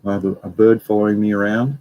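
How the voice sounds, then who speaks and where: A man's voice: lowish voice, steady tone, fast talker, lo-fi sound, a little hiss or hum. A young man hosting a casual livestream, rambling and reading out viewer comments. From Australia. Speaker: livestream host.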